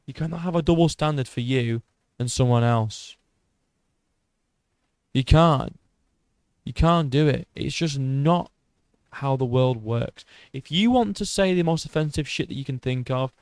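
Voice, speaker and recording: A man's voice: medium pitch, darkish tone, clean tone, dry recording. A man ranting sarcastically in commentary, mocking and exasperated. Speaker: MMA commentator.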